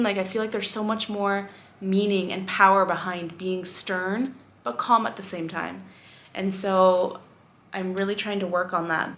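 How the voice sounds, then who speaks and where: A woman's voice: mid-range voice, steady tone, measured pace, a bit bright. A young woman teacher talking candidly to camera in a casual vlog, rambling and reflective with frequent fillers. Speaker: vlogger.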